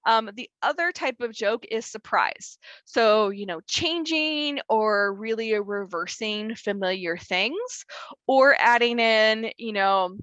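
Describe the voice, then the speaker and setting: A young woman leads an online workshop over a video call. Her voice is bright and a little high, and the sound is dry and close. She talks in a chatty, filler-heavy way and laughs easily. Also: animated, takes it slowly, no echo, muffled recording. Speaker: workshop presenter. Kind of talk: online wellness workshop talk.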